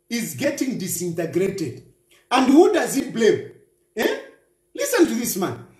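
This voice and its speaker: A man's voice: very high voice, mellow, echoey room. A man giving reaction commentary on a news clip, mocking and firing repeated rhetorical questions. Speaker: political commentator.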